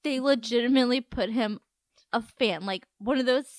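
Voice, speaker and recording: A woman in a casual two-person recap who laughs a lot and jumps in to agree. Her voice sits a little higher than usual for a woman, and the mic is close and dry. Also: no echo. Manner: laughs often, quick agreeing replies. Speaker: podcast co-host.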